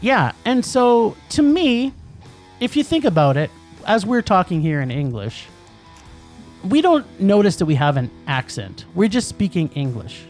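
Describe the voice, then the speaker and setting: A man's voice: sits high, big pitch swings, unhurried, darkish tone, faint music behind. A man co-hosting a podcast, ranting about movies in casual chat, emphatic and laughing. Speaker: podcast co-host. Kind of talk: casual film-review chat.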